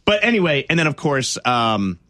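A man's voice: a little high, sing-song, normal speed, noisy background. A man hosting a morning radio show, chatting casually with rambling asides and easy laughs. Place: dry radio studio.

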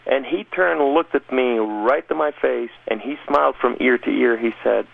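Earnest man, gravelly testimony voice, phone-line radio audio. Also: medium pitch, moderate pace, dry recording. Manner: earnest storyteller, rising intensity. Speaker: guest telling his testimony. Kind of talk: emotional personal testimony.

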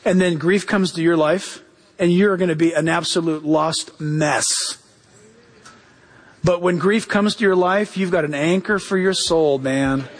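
A male pastor preaching a fervent sermon, quoting scripture and crying out with exclamations. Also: high voice.

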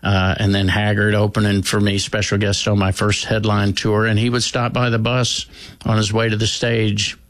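A man with a lowish voice, a guest in an interview, answering with dry, self-mocking humor. He talks in fits and starts, often repeating his first words. The sound is close and dry. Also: little pitch movement, dry recording. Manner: dry, self-mocking, halting with many restarts. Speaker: country singer, guest. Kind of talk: casual interview chat.

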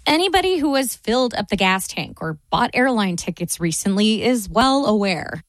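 A woman reporting for radio news, reading a scripted economics story in a measured, clear way. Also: mid-range voice, sing-song, no echo. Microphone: studio mic.

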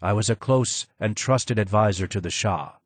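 A man voicing a broken older male former royal advisor who speaks slowly in a low, hoarse voice, in a dry recording. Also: no room sound, natural voice. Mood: sorrowful. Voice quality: low and hoarse, slow and measured.

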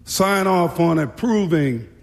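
A man's voice: on the high side, lively intonation, slow, vocal fry, exaggerated voice. A man voicing a sarcastic, condescending veteran male prison guard who bosses around a rookie. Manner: sarcastic, bossy. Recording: echoey hall.

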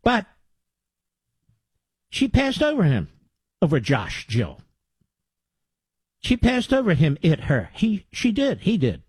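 A man's voice: sits high, wildly swooping pitch, slow, long pauses, darkish tone, slightly rough, no room sound. A man hosting a talk radio show, delivering a combative, sarcastic monologue into a studio mic.

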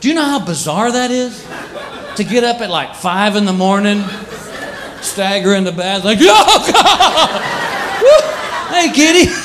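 A man's voice: high-pitched, normal speed. A man doing a stand-up routine, acting out his pets in silly voices. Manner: animated, acts out pets in funny voices. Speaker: stand-up comedian. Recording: live club with crowd and noise. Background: audience laughter.

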